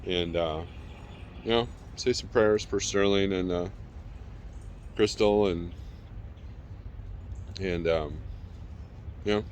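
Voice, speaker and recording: A man's voice: deep voice, slow pace, long pauses, a little hiss or hum. A man chatting casually in a vlog from his backyard, rambling and calling out to his dog between thoughts. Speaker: vlogger. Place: backyard outdoors.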